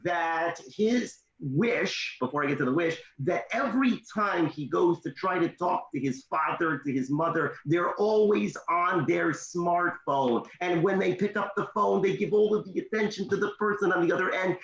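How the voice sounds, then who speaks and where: A man and motivational speaker giving parenting advice in an animated storytelling way on a video call. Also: sits high, echoey room, dull audio, slight background noise. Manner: animated, with emphatic pauses and tips.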